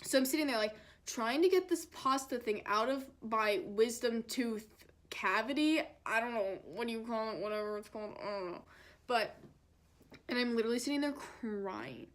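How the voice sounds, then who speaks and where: A young woman vlogger recounts her story in a chatty, dramatic style, peppering it with fillers. Her voice sits a little high, and she often drops into a lower, heavier tone for effect. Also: moderate pace, fairly bright tone. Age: young adult. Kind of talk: storytime vlog.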